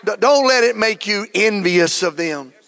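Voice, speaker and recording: A middle-aged man preaching a sermon as pastor, fervent and building to shouts. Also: sits high, expressive, a little slow. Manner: fervent, rising to shouts, acts out quotes.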